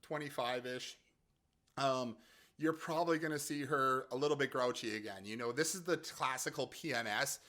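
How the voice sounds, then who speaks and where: A man talks through a casual explainer in a chatty, easygoing way. He laughs often and restarts his phrases as he goes. His voice is bright and forceful and sits at an ordinary pitch. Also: normal speed. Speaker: app creator and host.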